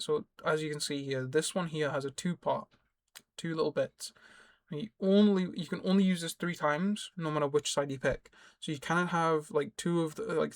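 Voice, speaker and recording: A man's voice: a little high, no room sound. A young man giving casual, rambling gameplay tutorial commentary, correcting himself as he explains. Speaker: gaming YouTuber.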